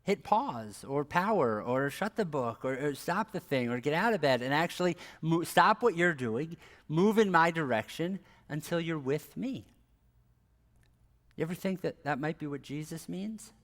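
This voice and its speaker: A man's voice: on the high side, moderate pace. A middle-aged man giving a devotional talk as a pastor, earnest and conversational, often dropping to a near whisper. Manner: soft-spoken, dropping to near whisper for scripture; earnest, conversational, rises when animated. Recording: long hall reverb.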